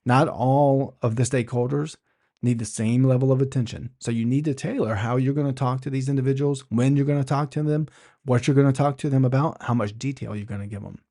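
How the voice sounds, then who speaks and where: A man hosts an instructional podcast, teaching conversationally, posing rhetorical questions, and frequently restarting his phrases. His mid-range voice is steady and a little fast, with a dark tone.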